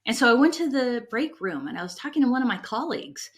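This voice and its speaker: A middle-aged woman giving a conference talk on leadership, an animated storyteller who is candid and emotional about her past. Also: a little high, quick pace. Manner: animated storyteller, acts out quoted people in her anecdotes. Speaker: conference breakout speaker on leadership.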